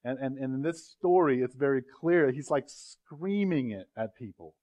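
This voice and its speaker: A man's voice: mid-range voice, lively intonation, moderate pace, darkish tone. A male pastor preaching to his congregation in a loose, conversational way, full of jokes and asides to the room. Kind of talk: sermon. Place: church sanctuary.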